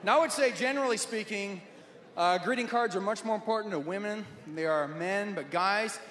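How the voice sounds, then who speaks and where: Animated stand-up comedian man, echoey hall. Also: high-pitched, fairly quick, crowd noise. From Nebraska, USA. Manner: animated, jokey storytelling. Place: large venue with audience. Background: loud audience laughter.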